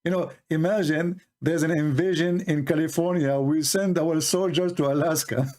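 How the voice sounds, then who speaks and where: A man's voice: a little high, a little mellow. A man debating religion and politics in a combative, mocking way, firing rhetorical questions in non-native English. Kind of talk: live call-in debate commentary.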